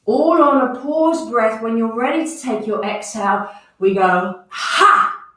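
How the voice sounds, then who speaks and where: Woman, breathwork teacher, higher voice, calls out movement cues, very echoey room, away from the mic. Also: a little slow, distant mic. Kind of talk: guided movement and breathing class.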